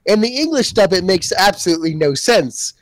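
A man's voice: high-pitched, expressive, a little fast, a bit bright. A young man chatting casually with friends, blunt and swearing freely. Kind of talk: casual podcast chat.

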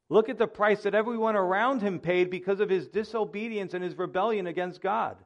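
A man preaching a Bible study sermon, emphatic and rising in intensity, then dropping low and quiet to drive points home. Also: muffled recording. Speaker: pastor.

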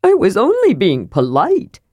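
A woman's voice: mid-range voice, wildly swooping pitch, measured pace, mellow, husky, no room sound, heavily acted. A woman voicing an eager, chattery small male kender in an audiobook. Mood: excited.

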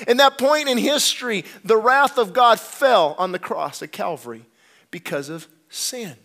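High, bright-voiced preaching man. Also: animated, measured pace, creaky. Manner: impassioned preaching, swings from loud outbursts to low intensity. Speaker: pastor. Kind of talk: sermon.

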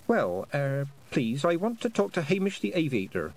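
A man's voice: on the high side, big pitch swings, moderate pace, a little mellow, voice pushed up. A man voicing a polite, practical young girl who is a little flustered, in a storybook reading.

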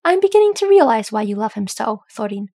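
An awed young dwarf, voiced by a woman, speaking in a hushed voice. The tone is husky with some fry. It is a close, dry audiobook reading. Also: a little high, big pitch swings, fast talker, no room sound.

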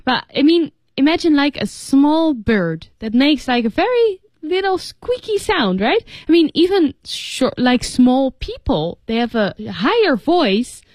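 A woman's voice: sits high, big pitch swings, unhurried, few pauses, darkish tone, dry recording. A woman co-hosting an English lesson, reading story lines and explaining phrases in a chatty way with many fillers.

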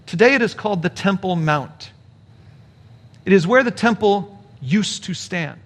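A man's voice: high voice, animated, measured pace. A middle-aged man, a pastor, preaching a sermon in a conversational way, explaining points and adding rhetorical asides.

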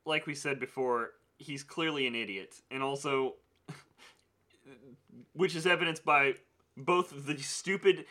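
A man's voice: mid-range voice, measured pace, long pauses, sharp tone. A man co-hosting a casual movie chat podcast, swearing freely and laughing often. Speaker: podcast co-host.

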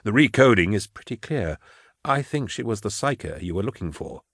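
A man's voice: fairly low pitch, lively intonation, moderate pace, fairly bright tone, dry recording. Man reading as a prim jumpy young interrogator guy, fussy and polite, dry close audiobook sound. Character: edgy young male interrogator, fussy and breezy.

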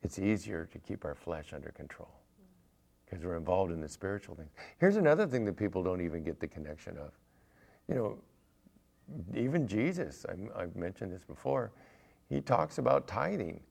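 A man preaching a sermon as pastor, lively and playful, acting out small everyday scenes with humor. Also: deep voice, moderate pace, gravelly. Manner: animated, acts out little scenes with humor.

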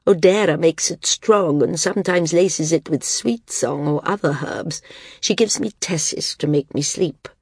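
Woman reading as a frail, dying old woman, husky and low. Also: a little slow, dry recording, clean studio sound, heavily acted. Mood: wry. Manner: frank, weary, gently firm.

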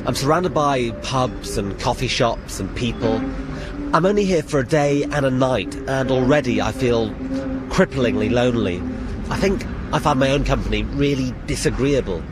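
A man's voice: mid-range voice, expressive, moderate pace. Male comedian, outdoor audio diary, self-mocking, music in the background. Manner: self-deprecating. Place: busy city square outdoors.

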